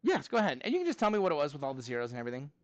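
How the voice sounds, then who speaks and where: High-voiced upbeat math teacher. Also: male voice, wildly swooping pitch, very fast, dry recording, muffled recording. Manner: upbeat, counts steps aloud, thinks aloud while working. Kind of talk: live class review lesson.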